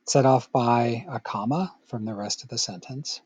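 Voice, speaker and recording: A man's voice: mid-range voice, moderate pace, a little mellow, breathy edge. A middle-aged man teaching a recorded Latin grammar lesson, patient and playful, with joking asides to the student.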